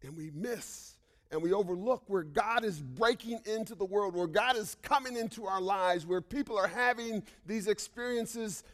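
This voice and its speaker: A male pastor preaches a sermon built around a personal story, peppering it with "right?" asides and swinging between loud outbursts and hushed whispers. His voice is high and his pace normal.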